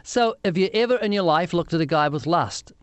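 A man's voice: high-pitched, expressive, brisk, clear, resonant tone, no room sound. A man with a New Zealand accent, questioning a young woman on a phone line with light teasing. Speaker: street evangelist.

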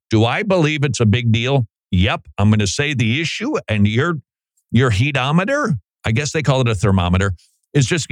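A middle-aged Christian talk show host delivers an opinion monologue, conversational and animated, sometimes imitating other voices to make a point. His voice is mid-range and the recording is dry.

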